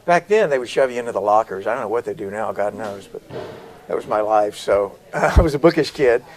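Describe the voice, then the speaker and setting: A middle-aged man from South Carolina, an actor telling stories as a guest in an interview, with lively, varied delivery. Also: on the low side, a little fast, poor audio. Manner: animated storyteller, varied delivery. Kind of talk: interview conversation.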